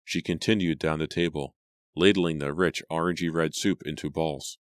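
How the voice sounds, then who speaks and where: A man narrating an audiobook in a steady, even storytelling manner. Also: rumbling low, moderate pace, no room sound, studio quality. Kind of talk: scripted narration.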